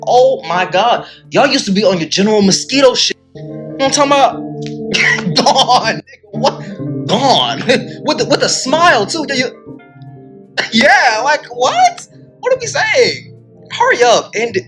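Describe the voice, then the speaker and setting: A woman's voice: a little high, sing-song, measured pace, pauses often, a bit bright, faint music behind. A woman doing comedic reaction commentary, slangy and teasing, pleading over and over.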